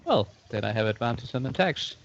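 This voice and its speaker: A man's voice: mid-range voice, expressive, fairly quick, gravelly, muffled recording. A man playing a tabletop game, eagerly explaining his moves. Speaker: player. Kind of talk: casual game chat.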